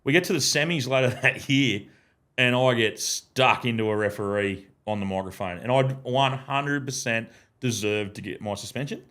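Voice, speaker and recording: A man's voice: medium pitch, moderate pace, fairly bright tone. An Australian man, a guest and former ground announcer, telling stories in a casual podcast chat, swearing freely and acting out what other people said. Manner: swears freely and acts out other people's lines in his anecdotes. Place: podcast studio.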